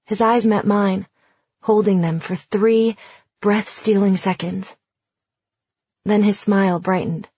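A woman's voice: mid-range voice, fairly even intonation, slow pace, pauses often, darkish tone, husky, no echo. A woman narrating a first-person novel as an audiobook, in a wry, conversational reading. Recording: dry, slightly dull audio.

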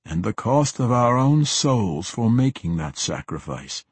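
A man's voice: medium pitch, very animated, unhurried, breathy edge, no echo, full character voice. A man voicing an old male half-orc merchant in an audiobook, speaking in a genteel, chuckling and sometimes pleading way. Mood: grave. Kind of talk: audiobook character voice.

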